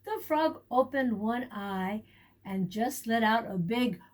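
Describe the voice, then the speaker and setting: Teacher reading to kids: a woman with a high, very expressive voice, slow and clear. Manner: warm, animated storytelling with questions to children. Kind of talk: reading a picture book aloud to children.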